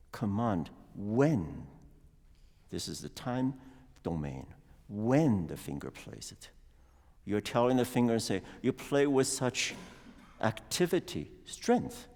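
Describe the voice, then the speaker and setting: A man's voice: on the low side, expressive, slow, vocal fry, warm tone. Man coaching piano in a reverberant hall. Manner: sings rhythms aloud and explains patiently. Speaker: piano master class teacher. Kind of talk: master class coaching. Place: concert hall.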